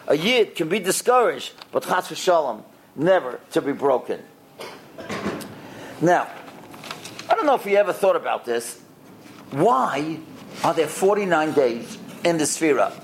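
A man teaching a lesson to boys and adults, telling stories with lively acted-out quotes and asking the listeners questions. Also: fairly high pitch, moderate pace, long pauses, slight background noise. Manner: lively, acts out the quoted characters, quizzes the listeners. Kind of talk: animated storytelling lesson with questions to the audience.

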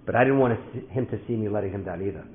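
A man telling a story in a sermon, dramatic and animated, sometimes rising to a shout. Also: lowish voice, racing, slight background noise. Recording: thin phone-like sound in an echoey hall.

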